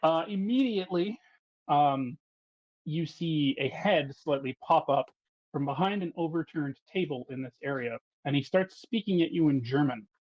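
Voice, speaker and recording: A man's voice: fairly high pitch, moderate pace, no echo, lo-fi sound. Hesitant man running a tabletop game. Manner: hesitant, filler-heavy narration. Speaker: game master.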